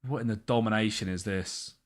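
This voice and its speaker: This streamer, with a lowish voice and a slightly fast delivery, provides live commentary on a football management game while chatting to viewers. He gets worked up and yells at the match.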